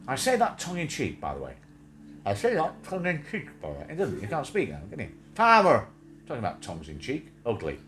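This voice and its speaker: A man co-hosting a live stream, rambling from joke to joke as he talks to viewers and to his pets. His pitch swings wildly as he chats. The audio carries steady background noise. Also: rapid-fire, hardly any pauses. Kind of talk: casual chat. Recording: noisy home stream audio.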